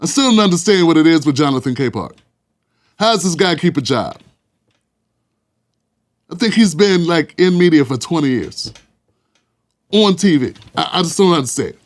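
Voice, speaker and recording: A man hosts a casual political commentary show with a somewhat raised pitch. He rambles and laughs at his own jokes in a mocking tone. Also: lively intonation, moderate pace, long pauses.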